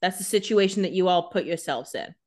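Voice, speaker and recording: Woman co-host, a touch low in pitch, blunt and opinionated in casual recap chat. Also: a little fast, a little mellow. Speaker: podcast co-host.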